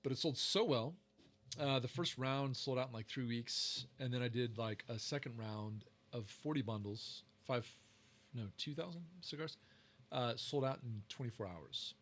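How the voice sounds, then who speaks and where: A man who makes cigars, appearing as a podcast guest, tells long, casual, rambling stories full of fillers and restarts. His voice is medium-pitched and fairly bright, at a normal speed.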